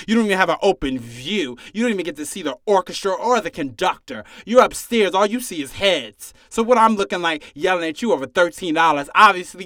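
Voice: mid-range voice, a bit bright, no room sound, studio quality. A bartender delivering a sassy, exasperated comedic rant full of repetitive jabs. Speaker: bartender ranting to viewers.

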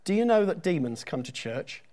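A man's voice: fairly high pitch, very animated, normal speed, darkish tone. A middle-aged man preaching a sermon in a church, talking conversationally with joking asides and reading scripture aloud with emphasis.

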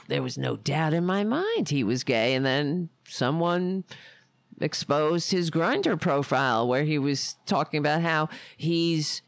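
A woman's voice: low voice, vocal fry, no echo. A woman hosting a casual political commentary stream, indignant and profane, rambling with frequent restarts. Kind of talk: casual political rant livestream.

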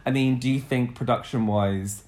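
A man's voice: medium pitch, steady tone, moderate pace, a little mellow. A man co-hosting a casual recap podcast, camp and giggly, rambling with many restarts. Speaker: podcast co-host. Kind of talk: casual chat, reality show recap.

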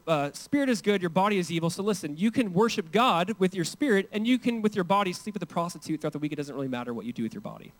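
Young male pastor, high-pitched, casual conversational sermon delivery. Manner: conversational, animated, frequent "like" asides.

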